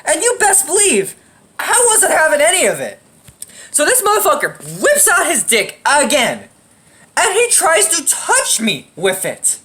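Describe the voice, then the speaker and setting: A young woman tells a story straight to her camera in a high, bouncy voice that leaps up and down. She rambles and swears freely, tucking "right?" and "you know" into almost every sentence. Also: huge pitch swings, unhurried, bright, forceful tone. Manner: acts out quoted lines in shifted voices. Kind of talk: casual storytime vlog.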